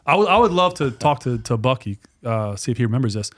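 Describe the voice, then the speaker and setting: Man in his forties, mid-pitched voice, lively podcast guest who repeats himself and swears. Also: fast. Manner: animated, repetitive, swears freely. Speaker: guest, dog trainer and business owner. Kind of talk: casual podcast storytelling.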